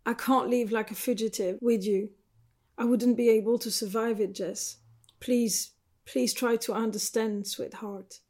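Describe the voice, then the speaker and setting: A woman reading the lines of a tender but firm woman ending a relationship, in a soft pleading way. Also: on the high side, fairly even intonation, unhurried.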